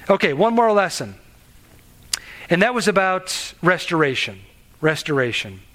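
A pastor with a high, fairly bright voice delivers a sermon in an earnest, conversational style. He poses questions to his listeners and often restarts his sentences.

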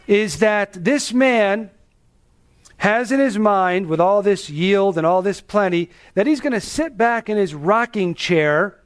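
In this expository sermon, a pastor with a distinctly high male voice talks to listeners in a conversational way. He leans on emphasis and rhetorical questions to make his points hit.

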